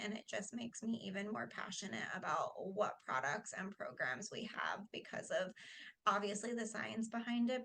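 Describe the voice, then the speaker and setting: Woman, high-ish voice, very bright tone, enthusiastic, casual group call. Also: creaky, a little hiss or hum. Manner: upbeat, enthusiastic. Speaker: call leader.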